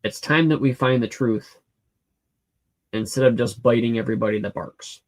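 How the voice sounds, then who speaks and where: A man's voice: mid-range voice, normal speed, darkish tone. Male livestream host, casual and rambling, mid-range voice, lots of ums and false starts while reading chat. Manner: rambling, hesitant, many fillers and restarts. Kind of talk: casual live Q&A, reading comments aloud. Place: home room with a cat.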